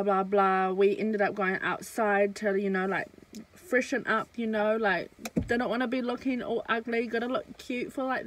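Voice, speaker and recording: A woman's voice: medium pitch, poor audio. A young woman chats through a casual storytime vlog. She talks while eating, loose and rambling, with plenty of fillers and restarts. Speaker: vlogger.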